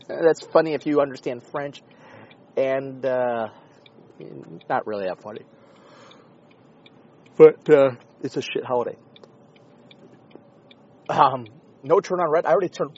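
A man hosting a podcast, talking in a rambling, sarcastic, profane comedic monologue with a husky voice. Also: mid-range voice, animated, normal speed, pauses often, dull audio. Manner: rambling, sarcastic, swears often. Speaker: podcast host.

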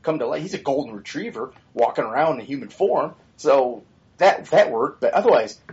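A man's voice: medium pitch, expressive, moderate pace, darkish tone. A man riffing casually on a podcast, blunt and profane, drifting into asides before circling back. His voice sits mid-range. The audio is dull and a bit lo-fi. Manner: blunt, swears freely, rambling asides. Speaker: podcast co-host. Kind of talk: casual opinionated chat.

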